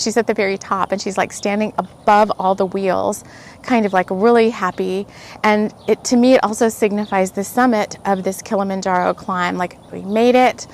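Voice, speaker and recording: A woman hosting a spiritual podcast, telling stories in a rambling, animated way with lots of fillers and laughs. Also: mid-range voice, a little hiss or hum. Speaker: podcast host. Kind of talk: casual spiritual podcast chat.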